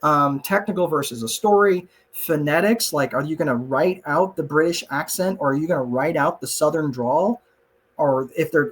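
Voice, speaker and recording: Guy running an online writing class, kinda high voice, chatty and jokey, keeps saying look and right. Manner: conversational, frequent "look" and "right?" asides, self-joking. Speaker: class presenter. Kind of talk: casual online class, answering chat questions.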